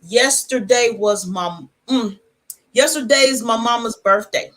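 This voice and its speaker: A woman's voice: fairly high pitch, a little slow. Woman rambling through a casual chat. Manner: rambling, reflective, relaxed; talks with food in her mouth. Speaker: channel host. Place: her home.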